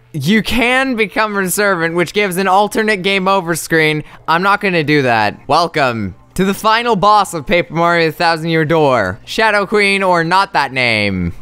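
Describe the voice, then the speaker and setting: A man giving chatty, excitable, self-mocking commentary while playing a video game. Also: sits high, smooth. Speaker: let's play host. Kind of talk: gameplay commentary.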